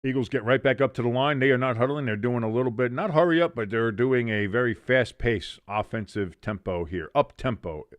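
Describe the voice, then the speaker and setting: A man's voice: medium pitch, fairly quick, few pauses, no echo. Man calling plays with dry jokes. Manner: jokey, self-correcting, reads chat aloud. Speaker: watch-along host. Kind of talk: live play-by-play commentary.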